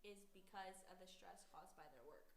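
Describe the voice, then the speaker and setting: A woman's voice: fairly low pitch, moderate pace, gravelly. A young adult woman chatting casually on a podcast, laughing often between her words. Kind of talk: casual chat. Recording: echoey room with faint noise.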